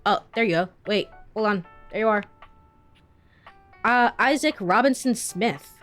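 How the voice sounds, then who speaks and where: A woman's voice: mid-range voice, normal speed, fairly bright tone, faint music behind. A young woman streamer casually commenting on a video game, chatty and giggling, with lots of fillers. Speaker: let's play streamer.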